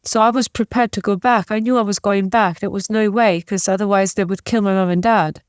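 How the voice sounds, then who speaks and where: A woman from the former Yugoslavia, a guest in an interview, telling a personal story in a halting, emotional way with restarts. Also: medium pitch, steady tone, clear, resonant tone, no room sound, studio quality. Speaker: podcast guest.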